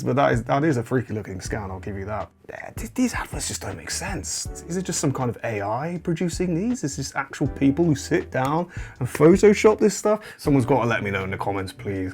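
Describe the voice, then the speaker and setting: A man hosting a comedic commentary, wry and incredulous, often breaking into chuckles. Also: lowish voice. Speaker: host.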